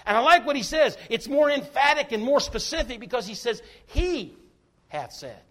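High-voiced man preaching a folksy sermon. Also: brisk, bright, forceful tone. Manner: folksy, emphatic preaching with joking asides. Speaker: pastor.

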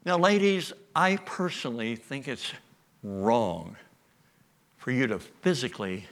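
A preacher in full flow, bright and forceful in tone. His pitch rolls up and down as he acts out the story for his congregation. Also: slow pace. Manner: animated storytelling with acted voices. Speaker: pastor. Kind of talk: sermon.

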